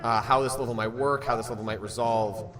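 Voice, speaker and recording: A man's voice: mid-range voice, fairly even intonation, brisk, a crowd in the background. A man streaming a game, talking casually and nervously to his chat with many fillers and restarts. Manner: hesitant, rambling, nervous.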